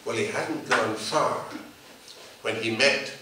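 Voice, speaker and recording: Storyteller in an echoing room. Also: male voice, medium pitch, slow, very noisy. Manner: lively, animated voices for each character. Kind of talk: oral folk-tale telling. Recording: echoey room, mic far off.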